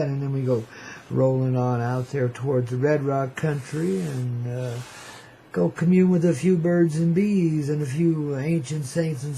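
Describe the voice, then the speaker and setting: A man's voice: fairly high pitch, mellow, slight background noise, low-quality recording. A man hosting a radio show, rambling in a playful, slangy, cosmic way and calling listeners "baby". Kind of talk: freewheeling hippie radio monologue.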